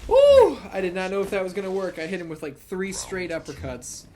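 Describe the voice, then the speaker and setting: A man's voice: high voice, quick pace, slight background noise. A tired man giving casual, profane gameplay commentary late at night, rambling between laughing asides. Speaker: let's play gamer.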